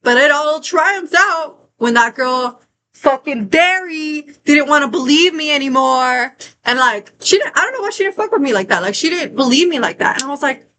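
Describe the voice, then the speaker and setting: Bright, heated young woman ranting. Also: high-pitched, animated, moderate pace, slight background noise, low-quality recording. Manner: heated, profane, repetitive ranting. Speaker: vlogger. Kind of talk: storytime rant.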